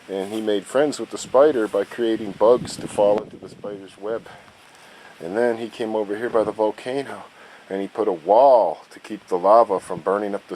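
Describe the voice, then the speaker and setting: A man, a father, narrating an animated story outdoors, sometimes dropping to hushed tones. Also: lowish voice, a little hiss or hum.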